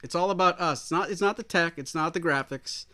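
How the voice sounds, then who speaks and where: A man's voice: a little high, brisk, pushed and bright. A man hosting a music livestream on an old microphone, upbeat and chatty, talking straight to viewers. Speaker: host. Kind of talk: casual livestream chat.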